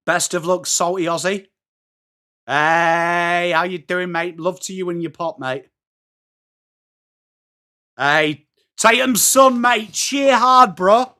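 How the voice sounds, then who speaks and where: A man's voice: high voice, takes it slowly, pauses often, sharp tone. A middle-aged man from England with an English accent, hosting a live football watchalong, chatting to viewers by name and calling the play as it happens. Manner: chatty, reads out viewer messages and calls play. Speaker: livestream host.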